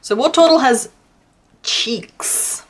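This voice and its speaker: A woman's voice: high voice, slow. An Australian woman from Western Australia chatting casually to her live-stream chat while crocheting, laughing often.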